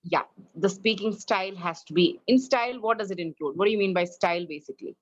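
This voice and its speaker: Teaching English online, a woman with an Indian English accent corrects her students' pronunciation and runs drills with them. She talks fast at a medium pitch. The online-class video-call audio is dry and dull.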